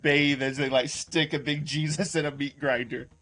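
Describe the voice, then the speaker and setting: Rambling livestream host, a man with a higher voice. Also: steady tone, moderate pace, a bit bright. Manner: rambling, heavy use of "like", laughs often, greets chat. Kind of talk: casual reaction commentary.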